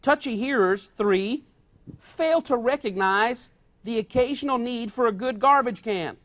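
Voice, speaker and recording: A man's voice: extremely high pitch, a little slow, fairly bright tone. A male pastor preaching a sermon in a folksy, plain-spoken way, stressing and repeating his key points. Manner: emphatic, repeats key points, acts out quoted dialogue.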